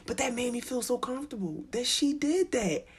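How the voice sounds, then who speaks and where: A woman chatting casually about motherhood, candid and profane, with a very raspy voice and animated, slangy asides. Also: a little high, normal speed. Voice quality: very raspy, husky. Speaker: mom telling stories about parenting. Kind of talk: casual storytelling chat.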